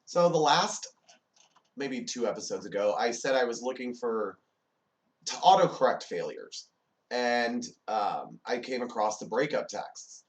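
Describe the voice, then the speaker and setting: A man hosting a comedy show, reading funny text messages aloud and breaking in with loud, exasperated corrections. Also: medium pitch, expressive, unhurried, recorded from a distance. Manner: reads texts aloud, then jumps in with loud, exasperated corrections. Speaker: host.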